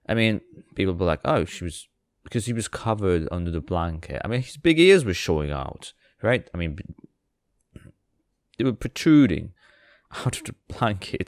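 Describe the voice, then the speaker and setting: A man's voice: low-pitched, no room sound, studio quality. A man hosting a podcast, retelling a fairy tale with sarcastic, rambling asides and many fillers. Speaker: podcast host. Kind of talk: comic storytelling.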